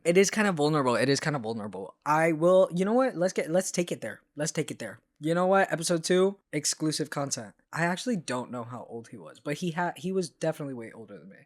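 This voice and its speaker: A man co-hosting a casual podcast chat, talking in an animated, expressive way with playful exclamations. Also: on the high side, a little fast, few pauses. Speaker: podcast co-host.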